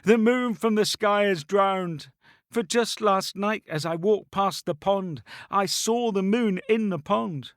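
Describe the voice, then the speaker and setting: A man's voice: no room sound, studio quality. A man putting on a tearful little village girl. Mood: sorrowful. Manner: high, slow and mournful.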